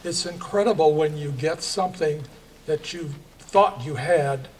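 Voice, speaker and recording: A man's voice: fairly high pitch, measured pace, darkish tone. An older man who owns a local business, speaking plainly from notes at a civic event, with wry asides. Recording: distant mic with faint background noise.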